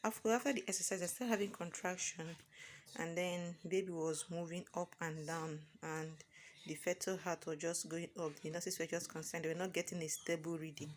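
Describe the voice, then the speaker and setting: A young woman vlogging from a hospital ward while in labour. She talks softly and often half-whispers, pausing through the pain. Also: fairly low pitch, fairly even intonation, a little hiss or hum. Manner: slow, soft-spoken, often half-whispered. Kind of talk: personal labour vlog.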